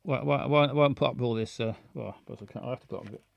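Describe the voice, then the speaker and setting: A man hosting a live show, chatting casually in a halting, playful way with many restarts and silly jokes. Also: mid-range voice, creaky, dry recording, muffled recording. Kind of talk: casual rambling live chat.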